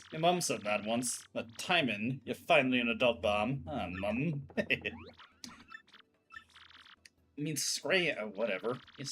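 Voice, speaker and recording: A man's voice: mid-range voice, a bit bright, slight background noise, natural voice. A man voicing a stubborn, bitter old male sailor in a posh, clipped manner. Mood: wistful.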